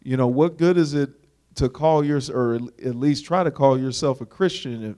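A man's voice: mid-range voice, moderate pace, warm tone. Earnest man in a Bible study. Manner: earnest, conversational, with fillers.

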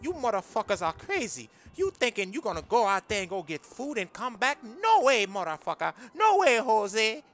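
A woman voicing a loud, bossy man who swears a lot and angers fast, in a game skit. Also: mid-range voice, very animated, faint music behind, natural voice. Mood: stubborn. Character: brash foul-mouthed man hiding out.

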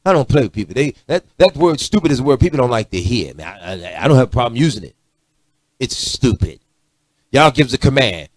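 A middle-aged man preaching a sermon, swinging from loud emphatic lines to low muttered asides. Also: sing-song, quick pace, dry recording. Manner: preachy, rising to shouts and dropping to low asides.

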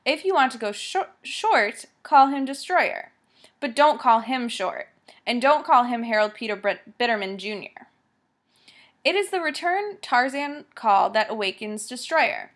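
A woman reads a story aloud in a measured, vivid storytelling voice. Her pitch sits a little on the high side. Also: expressive, a bit bright. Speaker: audiobook narrator. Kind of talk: scripted story narration.

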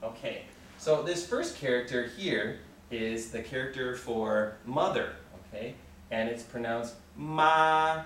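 A male Mandarin teacher patiently runs his class through call-and-response, repeat-after-me drills, encouraging the students often and checking in with frequent "okay"s. His mid-range voice moves at a measured pace. Recorded from a distance in an echoey room, the clip has slight background noise.

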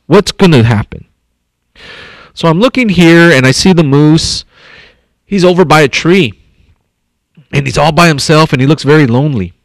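A fairly high-pitched man speaks at a moderate pace with frequent pauses, recorded dry. He is the district superintendent, reading a picture book to young elementary schoolchildren and animatedly stopping between passages to comment and muse aloud.

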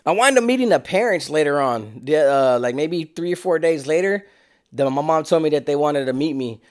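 Slangy man telling wild stories. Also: a little fast. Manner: slangy, animated, acts out quotes in lower voice. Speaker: storyteller. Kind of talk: casual street storytelling.

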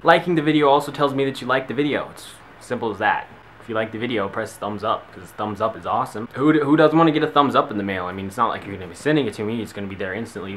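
A man's voice: mid-range voice, fairly bright tone, slight background noise. A young man vlogging at home into his camera, rambling through sarcastic asides and joking tangents. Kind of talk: comedic vlog monologue.

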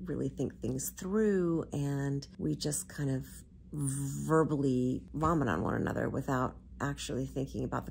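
A woman's voice: very deep voice, creaky, a little mellow, a little hiss or hum. A woman in her fifties hosting her own vlog, talking in an open, chatty way that mixes faith talk with jokes. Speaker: vlog host. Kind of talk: casual confessional chat.

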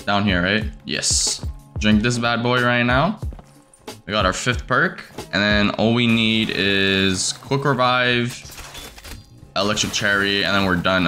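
A young man giving casual commentary over his game, excitable and swearing, breaking into shrieks when he finds something. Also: fairly low pitch. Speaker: gaming streamer.

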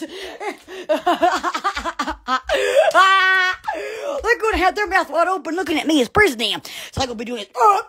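A woman with a Southern American accent chats into her phone on a live stream, giddy and exclamatory. Her very high, bright voice leaps all over the place, yet she drawls out her words slowly. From Alabama. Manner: giddy, squealing, exclamatory, bursts of shouts and laughter. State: sweating in the heat. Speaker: social media live streamer. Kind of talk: rambling live-stream chat. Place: hot room at home.

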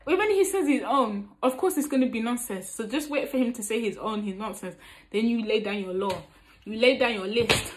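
Woman vlogging relationship advice, cheeky and blunt, bit of a higher voice, laughs a lot. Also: moderate pace, a little hiss or hum. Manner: frank, playful, laughs as she talks. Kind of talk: casual advice talk to camera.

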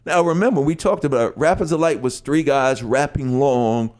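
A middle-aged man telling a story on a podcast, animated, acting out lyrics and voices as he goes. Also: medium pitch, moderate pace. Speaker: guest storyteller.

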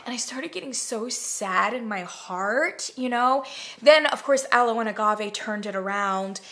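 A woman's voice: on the high side, measured pace. Chatty woman reviewing candles. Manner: chatty, animated, swearing, drops into whispers and mock voices. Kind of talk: casual chat to camera.

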